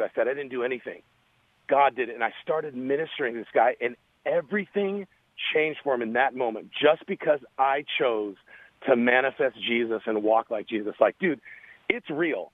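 A man's voice: mid-range voice, normal speed, no echo. Earnest man on a phone line. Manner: earnest, animated storyteller, repeats phrases. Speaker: guest. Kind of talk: radio interview, storytelling.

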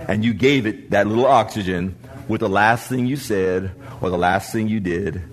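A male pastor preaching a sermon to a congregation, building to shouts and trading call-and-response with the listeners. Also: lowish voice, moderate pace. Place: church before a congregation.

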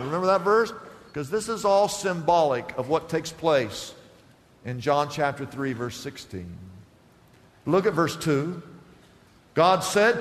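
A man preaching a lively sermon, who acts out the voices of the figures in the Bible story. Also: a little high, normal speed, long reverb tail. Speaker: pastor.

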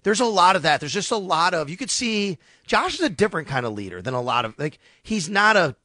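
Sports radio talker, male, crisp bright tone, animated storyteller, close dry mic. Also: fairly high pitch, a little fast, no echo. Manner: animated, storytelling with quoted asides. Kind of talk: casual sports radio chat.

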